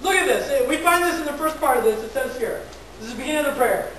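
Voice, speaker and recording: A woman pastor preaches in a relaxed, conversational way, stumbling over repeated words and tossing questions to her listeners. Her high voice comes from a distance and rings through a big, echoey church. A faint hiss sits underneath. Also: fast talker. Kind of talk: conversational sermon. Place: large echoey church hall. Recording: very echoey church hall from far off.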